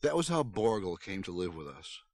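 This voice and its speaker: Gravelly male storyteller with a lively, expressive read-aloud delivery; dry close sound. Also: sits low, normal speed, dry recording. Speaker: streamer reading a book aloud.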